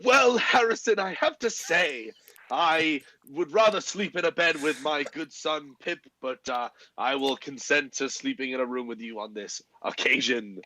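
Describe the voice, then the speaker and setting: A man putting on a prim stuffy old gentleman. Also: on the high side, a little slow, no echo, pitched above the performer's own voice, low-quality recording. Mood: haughty.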